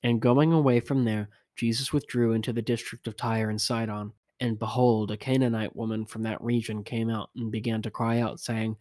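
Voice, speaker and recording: A man reads scripture aloud in a measured, unhurried way. His voice sits at a middle pitch and keeps a flat, steady line. The recording is dry and close. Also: no echo. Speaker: scripture reader.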